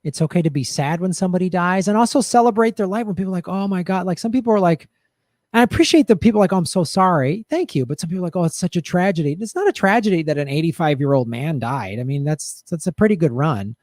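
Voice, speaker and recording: Man, middle-aged, host monologue, somewhat high voice, dry recording. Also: fast talker, no echo. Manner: animated storytelling, blunt and profane. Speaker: podcast host. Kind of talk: personal commentary monologue.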